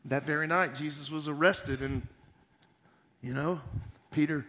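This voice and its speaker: A pastor giving a sermon, retelling scripture in a folksy, animated way with joking asides. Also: male voice, fairly high pitch, unhurried.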